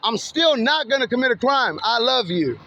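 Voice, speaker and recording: At night by a road, a man vlogs passing cars on a handheld camera or phone, taunting the drivers in a mocking, swearing monologue and laughing often. His voice is very high with big pitch swings at a moderate pace, and the audio is dull and lo-fi with faint street noise.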